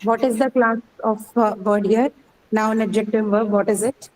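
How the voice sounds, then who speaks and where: A woman's voice: fairly high pitch, fairly even intonation, moderate pace, darkish tone, slight background noise, low-quality recording. Woman, English teacher, classroom lecture, patient explainer who keeps asking if the class follows.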